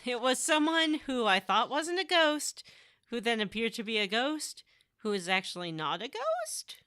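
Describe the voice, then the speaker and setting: Bright-voiced woman podcast co-host. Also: on the high side, normal speed, dry recording, studio quality. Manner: animated storytelling, acting out game characters in quotes. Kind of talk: casual gaming podcast chat.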